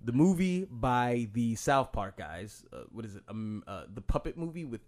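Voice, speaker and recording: A man's voice: medium pitch, sing-song, moderate pace, a little mellow. Casual man explaining sales tactics, swearing. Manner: explains with acted-out quotes, frequent restarts and swearing. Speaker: podcast host. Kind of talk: casual chat.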